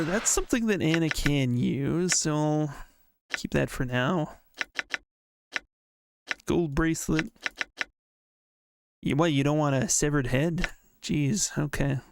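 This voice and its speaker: A man chatting casually while streaming a game, thinking out loud and reading the game text aloud. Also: a little high, slow, gravelly, long pauses, noisy background. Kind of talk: casual let's-play commentary.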